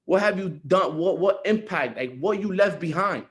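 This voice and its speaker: A young man's high, expressive voice moves at moderate speed as he motivates others on a group call. Earnest throughout, he repeats his message and grows more insistent.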